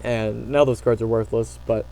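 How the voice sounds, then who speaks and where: A man casually telling stories to camera, excitable and rambling, with lots of fillers and restarts. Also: mid-range voice, moderate pace, vocal fry, poor audio. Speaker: channel host.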